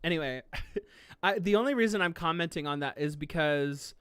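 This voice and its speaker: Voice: medium pitch, normal speed, a bit bright, clear, resonant tone, no echo. A streamer chatting casually while reacting to an anime, gushing, often laughing, and close to tears with emotion. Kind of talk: casual live-stream chat.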